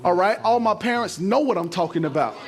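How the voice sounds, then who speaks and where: A middle-aged male pastor preaching a sermon to a church congregation, using call-and-response and building up to shouting. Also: high-pitched, expressive, brisk. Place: church sanctuary.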